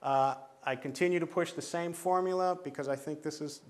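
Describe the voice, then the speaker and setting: A man's voice: a little high, brisk. Methodical man explaining teaching rules. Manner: methodical, repeats steps, many fillers and restarts. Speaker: teacher trainer.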